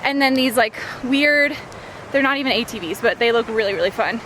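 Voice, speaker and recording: A woman's voice: on the high side, fairly quick. A woman in her late twenties chatting casually for her vlog outdoors at a forest campsite, rambling and giggly as she talks. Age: late 20s. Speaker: vlogger. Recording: outdoor recording with clear background noise.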